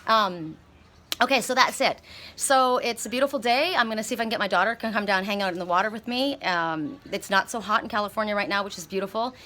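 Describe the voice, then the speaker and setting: A middle-aged woman giving a casual spiritual card reading outdoors, telling animated stories with frequent restarts. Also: medium pitch, fast. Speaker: oracle card reader. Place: outdoors by water, California.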